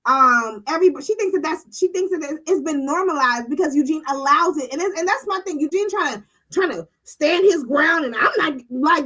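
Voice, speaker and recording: Animated high-voiced woman host. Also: fairly quick, few pauses, low-quality recording. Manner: blunt, animated, profane, acts out quotes. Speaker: podcast host recapping a reality show. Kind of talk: casual panel chat.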